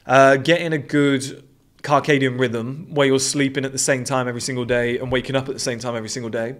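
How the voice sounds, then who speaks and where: A man's voice: medium pitch, level tone, fast. Blunt British man swearing hard. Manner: blunt, aggressive, swears a lot. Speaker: host. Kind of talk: casual monologue.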